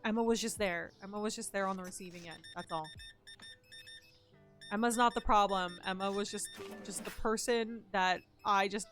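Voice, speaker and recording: A woman live-streaming from home, chatting in a self-mocking way as she plays and sometimes yelling loudly at the customers in the game. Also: medium pitch, fairly even intonation, moderate pace, soft background music. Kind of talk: casual live-stream commentary while gaming.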